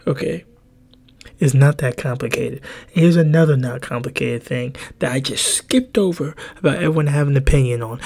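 A young adult man hosting a podcast, ranting casually in a rambling, profane way that jumps between pitches. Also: a little fast, a little mellow. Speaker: podcast host.

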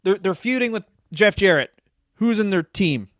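A man with a slightly raised voice walks through old stories on a comedy podcast, joking quickly and breaking into laughs. His voice sounds close and dry. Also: sits high, animated, fairly bright tone, dry recording. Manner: fast joking recaps with bursts of laughter. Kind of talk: casual comedic chat, recapping wrestling history.

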